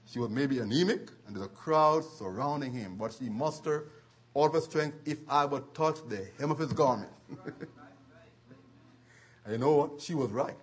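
A man preaching a sermon, retelling scripture stories with chuckles and dramatic slowdowns. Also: mid-range voice, breathy edge.

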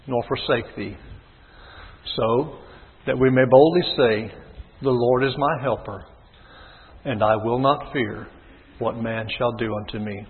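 Husky preacher man on tinny, echoing line. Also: steady tone. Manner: rises to loud impassioned preaching, then drops low and measured. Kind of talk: sermon. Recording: tinny phone-like sound with long hall reverb.

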